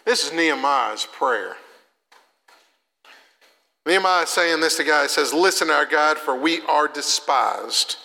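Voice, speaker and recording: A young man preaching a sermon in a conversational way, swinging from loud to soft. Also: fairly high pitch, animated, measured pace, gravelly, pauses often. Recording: long reverb of a hall.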